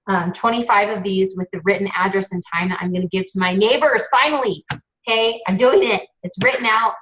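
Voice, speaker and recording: A woman's voice: mid-range voice, muffled recording. A woman hosting a webinar in a casual, chatty, gushing way. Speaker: webinar host.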